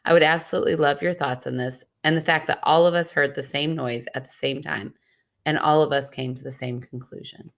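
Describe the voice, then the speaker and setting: A woman's voice: sits low, fairly even intonation, fairly quick. A woman co-hosting a podcast, reading a listener's ghost story aloud and teasing her sister. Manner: playful, teasing. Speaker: podcast co-host.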